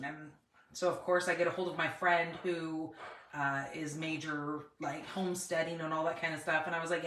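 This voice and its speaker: A woman's voice: sits low, steady tone, a little fast, fairly bright tone, far from the mic. Chatty woman greeting viewers, roomy echo. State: dry cough, cough drop in mouth. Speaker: paper crafting host. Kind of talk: casual live-stream chat.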